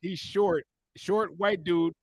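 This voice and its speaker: A man co-hosting a podcast, telling a profane story as an animated, cussing rant. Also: sits high, takes it slowly, no echo. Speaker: podcast co-host.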